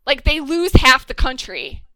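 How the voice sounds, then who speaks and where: A young Midwestern woman chatting casually about movies, animated and acting out scenes with a lot of swearing. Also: high voice, measured pace, no echo.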